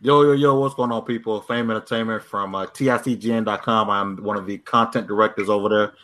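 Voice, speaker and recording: A man guests on a gaming podcast, upbeat and quick to joke. His voice is bright and clear, and the talk stays casual. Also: fairly low pitch, fairly even intonation.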